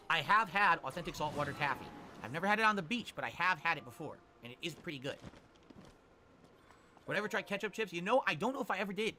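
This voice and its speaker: A man streaming live, answering chat questions with quick, opinionated rants. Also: a little high, expressive, bright, forceful tone, slight background noise. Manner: rapid, opinionated ranting. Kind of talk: livestream chat reply.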